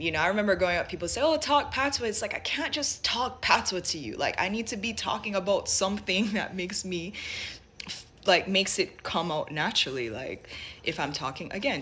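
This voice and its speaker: A young Jamaican woman speaks in a fairly low, bright, forceful voice, her light Jamaican accent mixed with American speech. She thinks out loud in a loose, rambling monologue packed with fillers and restarts.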